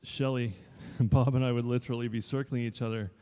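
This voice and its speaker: A man's voice: medium pitch, flat delivery, brisk, mellow. Chatty man in his fifties, echoing hall. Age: 50s. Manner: chatty and rambling, jokes with the audience. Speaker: actor. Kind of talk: casual talk to a live audience. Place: showroom. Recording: long reverb in a showroom.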